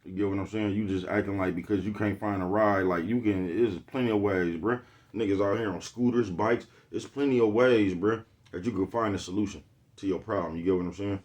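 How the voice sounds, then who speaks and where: In a low, deep voice, a relaxed vlogger talks right to his audience, delivering a loose motivational monologue and circling back again and again to "you know what I'm talking about."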